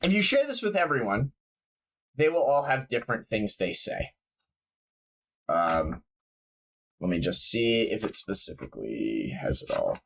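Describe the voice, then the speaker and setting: A man's voice: on the low side, sing-song, measured pace, vocal fry, long pauses. A man running a tabletop game as game master, talking casually with fillers. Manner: casual, rambling, many fillers.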